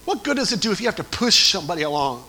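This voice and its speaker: A middle-aged man preaching a sermon as pastor, swinging from quiet talk to shouted exhortation. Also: sits high, expressive, very fast, poor audio.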